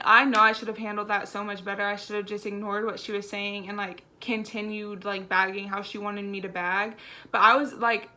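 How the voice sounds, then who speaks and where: A young woman telling a storytime vlog in a chatty, animated way, full of "like". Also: mid-range voice. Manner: chatty and animated, heavy use of "like". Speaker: vlogger.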